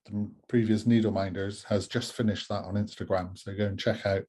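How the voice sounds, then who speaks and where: A Southwest English man chats in a mellow, warm register. His delivery is dry and understated, like someone winding down in the evening. He sounds relaxed among friends. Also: lowish voice, brisk, husky. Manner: dry, understated, tired after a workday. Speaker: co-host. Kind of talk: casual chat showing finished stitching.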